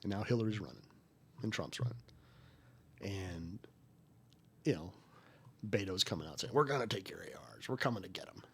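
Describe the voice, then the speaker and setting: A man's voice: low-pitched, normal speed, gravelly, long pauses, husky. A man in his forties, a former federal agent, telling stories as a podcast guest in a folksy, emphatic way. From United States. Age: 40s. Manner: folksy and emphatic, rising to animated retellings. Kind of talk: conversational interview storytelling.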